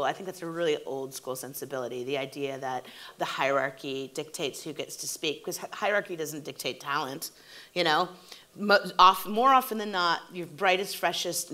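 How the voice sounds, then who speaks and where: A woman in her forties, a TV showrunner, telling stories in an onstage interview and acting out what people said. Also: deep voice. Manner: animated storytelling, acting out quotes. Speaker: TV showrunner and guest.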